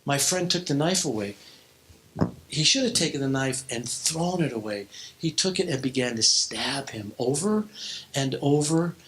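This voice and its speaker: A middle-aged man preaching a sermon to a youth group in a church hall, telling stories with restarts and sudden drops to a hushed voice. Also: medium pitch, animated, normal speed. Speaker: pastor. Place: church hall, in front of students.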